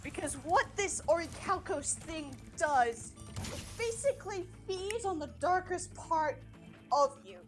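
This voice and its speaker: A woman livestreamer chatting casually while she plays, rambling in an animated way and swearing freely. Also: extremely high pitch, a little slow, faint music behind. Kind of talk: casual chat while streaming a game. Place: home streaming setup.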